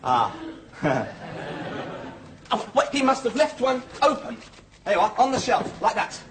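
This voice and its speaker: An actor playing an eager young male recruit who plays detective in an animated, self-satisfied way. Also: very high voice, measured pace, full character voice. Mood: explaining. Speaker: RAF trainee. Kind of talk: 1980s TV sitcom acting. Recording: noisy old TV soundtrack.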